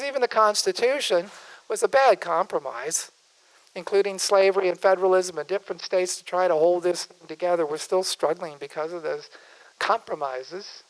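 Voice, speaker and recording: Older male doctor at a lectern, folksy and digressive, with a smooth, resonant voice. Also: sits high, poor audio. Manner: folksy, digressive, self-interrupting. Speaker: physician giving a speech. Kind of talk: conversational public speech.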